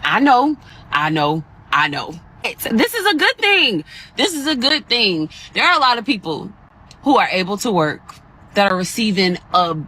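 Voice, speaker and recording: Lively, emphatic woman making her point. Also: mid-range voice, moderate pace, husky. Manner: emphatic, assertive, repeats okay for stress. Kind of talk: casual social media commentary.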